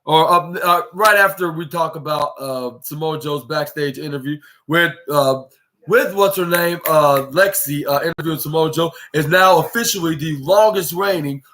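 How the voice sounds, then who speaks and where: A man with a fairly high-pitched voice recaps a wrestling show on his podcast. He talks in an excitable, rambling way and keeps restarting his sentences as he goes. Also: normal speed, a little hiss or hum. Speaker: podcast host.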